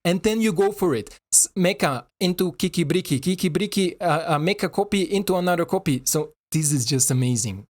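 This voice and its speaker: A man giving casual, excitable commentary over a card game, swearing and talking to his viewers in non-native English. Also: high voice, fairly quick, few pauses.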